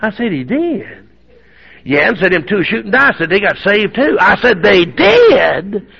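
An older man, a preacher telling a story in a sermon in a folksy, animated way with sudden shouts. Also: sits high, a little slow, creaky, husky. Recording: dull lo-fi sermon recording.

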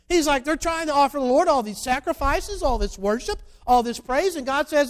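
A preacher with a high voice tells a story in a sermon. He builds to loud, emphatic bursts, then drops to quiet, confiding asides. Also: brisk, hardly any pauses. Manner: animated, shifts between loud emphatic and quiet.

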